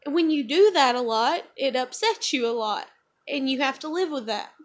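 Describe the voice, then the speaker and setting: A woman's voice: high-pitched, expressive, moderate pace. A woman, talking emotionally and rambling with lots of fillers in a confessional vlog. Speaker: vlogger.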